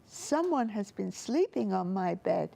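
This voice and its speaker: A woman's voice: mid-range voice, big pitch swings, measured pace, gravelly, warm tone, exaggerated voice. A woman voicing a big, cross father bear in a children's storybook reading, speaking in a growl.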